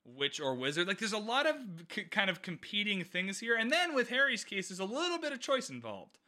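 A young man co-hosts a relaxed book-discussion podcast, thinking out loud with frequent fillers and false starts. His voice is very bright and slightly high for a man, swinging widely in pitch as he goes. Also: fairly quick. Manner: rambling, lots of "like" fillers and restarts. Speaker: podcast co-host.

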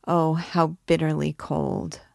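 A woman reading aloud voices a grieving woman recluse, hoarse and terse in her despair. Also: deep voice, level tone, slow pace, no echo, studio quality, full character voice.

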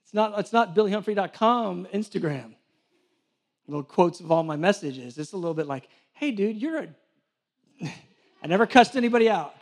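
A man delivers a sermon, his voice sitting unusually high for a man. He tells stories in an animated way, poking fun at himself along the way. He is speaking in a church before a live congregation. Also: fairly quick. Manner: animated storytelling with self-deprecating humor. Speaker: church director and preacher. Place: church hall with a live audience.

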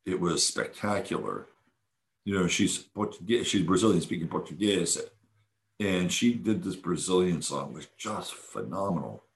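A man's voice: deep voice, sing-song, moderate pace, creaky. A man hosting a podcast, chatting enthusiastically about a weekend event in a casual monologue full of fillers and restarts. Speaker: podcast host.

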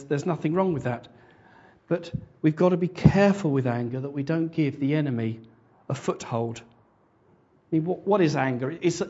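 A man's voice: fairly high pitch, darkish tone, husky. A man preaching a conversational sermon and retelling a parable, often restarting his words. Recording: dull lo-fi sermon recording.

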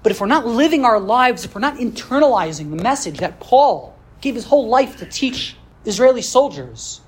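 A woman's voice: fairly high pitch, sing-song, normal speed, husky. A woman teaching a Jewish history class for a podcast. She speaks earnestly, builds her points with rhetorical questions, and mixes in Hebrew religious terms.

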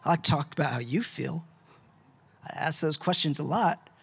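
A male preacher delivering a sermon, posing rhetorical questions with dramatic pauses and sometimes dropping to a hushed voice. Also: a little high, gravelly, husky.

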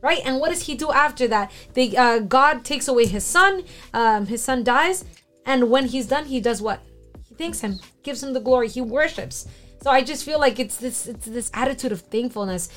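Chatty woman musing on faith, high voice. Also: animated, a bit bright, faint music behind. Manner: chatty, fast, lots of "like", self-deprecating. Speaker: co-host. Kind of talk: casual faith discussion.

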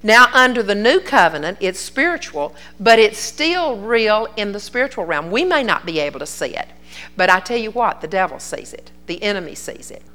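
A woman's voice: medium pitch, sing-song, moderate pace, pushed and bright. Older woman preaching a folksy sermon. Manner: earnest storytelling, folksy and conversational.

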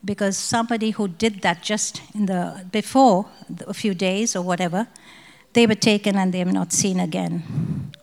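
A woman's voice: medium pitch, steady tone, normal speed, darkish tone. Woman telling a testimony in a hall. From India. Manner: vivid storytelling, acting out the dialogue. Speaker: testimony speaker at a prayer conference. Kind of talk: spoken personal testimony.

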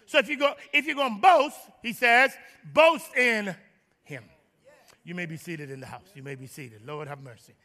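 A man preaching a sermon to his church, joking with the congregation and rising to shouts. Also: high-pitched, moderate pace, long reverb tail. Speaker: pastor. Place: large church.

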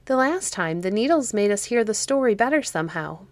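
A woman's voice: very animated, a little fast, no echo, lightly acted. A woman reading a storybook who voices eager young children in a raised, pleading voice. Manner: eager and pleading, pitched higher.

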